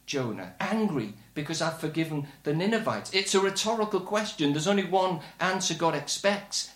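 An older man preaching a sermon with earnest, measured emphasis. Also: on the high side, fairly bright tone, reverberant.

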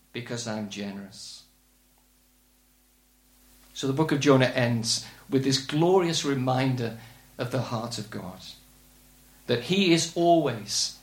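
An older man preaching a sermon with earnest, measured emphasis. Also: mid-range voice, roomy sound.

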